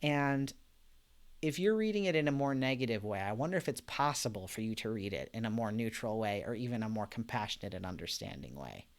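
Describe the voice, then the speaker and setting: Hosting a live-streamed Bible study, a man with a lowish voice chats casually and reflectively, reads viewer comments aloud, and uses lots of fillers and soft laughs. His intonation is lively and his pace a little fast, though his manner stays gentle.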